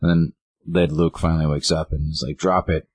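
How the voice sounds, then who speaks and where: A man's voice: very deep voice, fairly quick, husky. A man casually recapping a story in a chat, acting out bits of dialogue with a raised voice. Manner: animated retelling, acting out lines of dialogue in a raised voice. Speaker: co-host recapping a game story.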